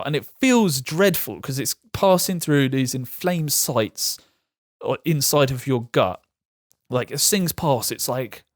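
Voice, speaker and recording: A man's voice: medium pitch, no room sound, studio quality. A young man telling his own illness story frankly, laughing off the hard parts. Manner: frank and self-deprecating, laughs at hard moments. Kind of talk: candid personal storytelling.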